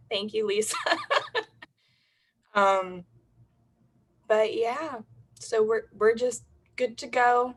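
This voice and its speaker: A woman's voice: a little high, fairly even intonation, very slow, long pauses, poor audio. Woman, Southern US accent, video call, self-conscious, giggly, hesitant. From Southern United States. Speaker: treatment center representative. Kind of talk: casual video-call introduction.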